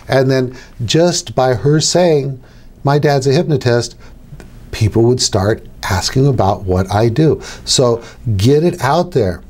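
A middle-aged hypnotist teaches other hypnotists in a casual, conversational instructional talk to camera, repeating his key phrases and acting out little dialogues. His medium-pitched voice is expressive and a little mellow, and he takes it slowly.

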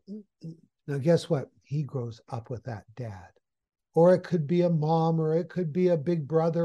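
A man's voice: fairly high pitch, warm tone. A man who works as a hypnotist giving a storytelling training lecture, talking conversationally with rhetorical questions and repetition.

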